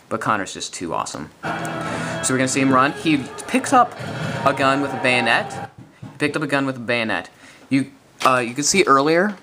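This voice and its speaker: A young man giving casual, excited gameplay commentary, rambling and correcting himself as he goes. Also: mid-range voice. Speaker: gaming video commentator.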